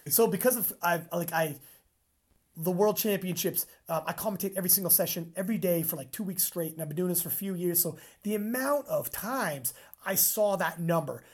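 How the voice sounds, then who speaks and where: A woman hosting a casual chat, telling a story in an animated way, swearing freely and acting out her own reactions. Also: on the low side, brisk, husky. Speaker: podcast host and powerlifting commentator.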